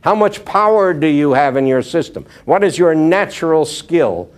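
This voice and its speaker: A man's voice: fairly high pitch, sing-song, moderate pace. A man giving a motivational sales talk to a live audience, telling stories earnestly and dropping his voice for emphasis. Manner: storytelling, earnest, drops to hushed tones for emphasis. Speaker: motivational speaker.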